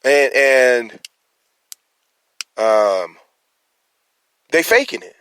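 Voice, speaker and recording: A man's voice: medium pitch, animated, drawn-out words, fairly bright tone, clean tone. Man rambling with stammered restarts. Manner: confrontational, challenging listeners. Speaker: concerned citizen. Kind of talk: emotional personal monologue.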